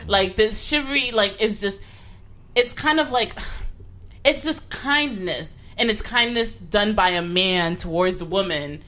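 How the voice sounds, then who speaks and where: Outspoken woman on a podcast. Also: mid-range voice. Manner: animated, outspoken, laughs a lot. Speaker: podcast co-host. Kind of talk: casual chat.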